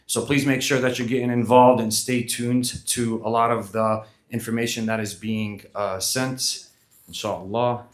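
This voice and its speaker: A man acting as emcee at a mosque community event, brisk and informal as he hands off between speakers. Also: mid-range voice, little pitch movement, roomy sound.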